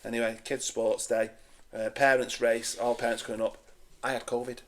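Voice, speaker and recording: A man's voice: medium pitch, moderate pace. A man, telling a story in a casual, laughing, sweary way as a podcast guest. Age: 40s. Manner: animated, laughing, sweary banter.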